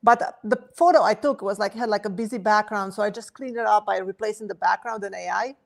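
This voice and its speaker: A woman in casual livestream chat, telling a story in an animated way with many "like"s. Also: mid-range voice, a little fast, gravelly.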